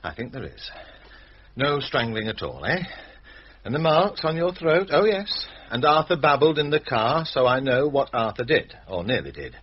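A sardonic, weary village doctor. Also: male voice, mid-range voice, very animated, normal speed, husky, lo-fi sound. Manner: dry, sardonic and knowing. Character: weary, irritated middle-aged village doctor.

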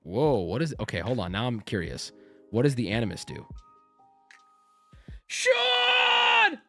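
Streamer type, thirties, lively swinging pitch, reads cards in silly voices, faint music under him. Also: male voice, a little fast. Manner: animated, jokey, reads card text aloud with goofy voices. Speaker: streamer opening card packs. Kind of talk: casual stream chat.

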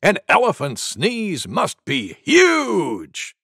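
A man voicing a gentle male goose who reads a cartoon storybook aloud, acting out each animal with big sneezes. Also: sits high, huge pitch swings, very slow, no echo, studio quality, full character voice. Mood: storytelling.

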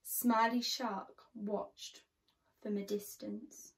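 A woman reading a picture book aloud to children, slow and expressive with a sing-song lilt. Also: fairly high pitch. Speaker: children's storyteller.

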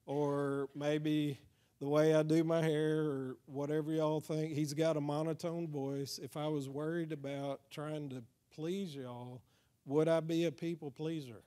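A man's voice: on the high side, flat delivery, measured pace, dark tone. A man with a Texas accent giving an evangelism training talk in a church, speaking conversationally and often asking the crowd "amen?". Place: church hall.

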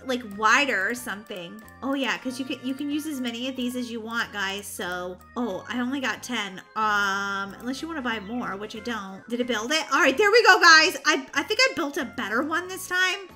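A woman chatting casually over gameplay, bubbly, excitable and easily exasperated. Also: fairly high pitch, moderate pace, few pauses, faint music behind. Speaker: gaming channel host.

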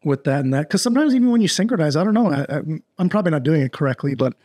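A man's voice: fairly high pitch, lively intonation, very fast, darkish tone. A man hosting a podcast in loose, rambling casual chat, full of fillers and restarts. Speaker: podcast host.

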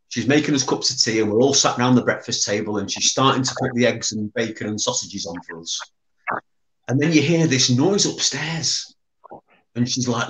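A man's voice: medium pitch, roomy sound, rough recording. A man who chairs a memorial foundation, telling fond anecdotes and often repeating words as he recalls them. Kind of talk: reminiscing anecdote.

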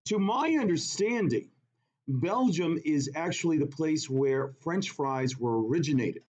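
Animated, jokey male chemistry teacher. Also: a little high, a little slow. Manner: animated, jokey, asks the class questions. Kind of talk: classroom lecture with storytelling.

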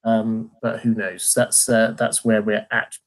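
A man's voice: lowish voice, level tone, a little slow. A man hosting a live stream Q&A, rambling with many fillers and a self-deprecating tone. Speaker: host.

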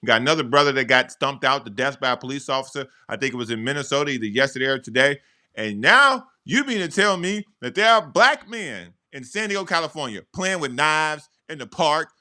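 A man co-hosting a sports talk show, delivering a loud, preachy comic rant. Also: mid-range voice, animated, fairly quick. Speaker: co-host. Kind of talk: sports radio banter.

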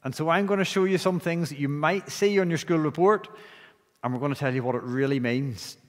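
A man's voice: on the high side, brisk. A man with a Northern Irish accent leading prayer and talking to children in a church service. He often restarts phrases by repeating their opening words. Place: church sanctuary. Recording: long church reverb.

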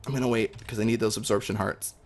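A young man talking through his game as he plays, chatty and excitable, with lots of ums. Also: on the low side, quick pace. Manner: excitable, chatty, many fillers. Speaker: gaming video host. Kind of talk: live gameplay commentary.

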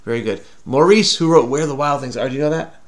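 A man's voice: on the high side, quick pace. A man hosting a casual crossword solve with a child, teasing playfully and patiently explaining the clues. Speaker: crossword solving host. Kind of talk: casual puzzle-solving chat with a child.

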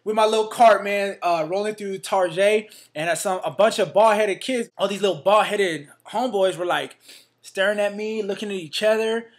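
A man's voice: sits high, moderate pace. A man vlogging to his fans, hyped and slangy, with a Northern California accent, tossing "man" and "baby" into every line. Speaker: fitness vlogger. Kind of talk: casual vlog to camera.

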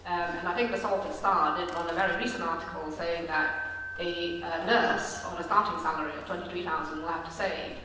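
A woman's voice: fairly low pitch, steady tone, a little fast, noisy background. Woman asking a question in a big hall. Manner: hesitant, then pointed. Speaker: audience member asking a question. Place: large echoey hall. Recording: echoey hall, speaker far from mic.

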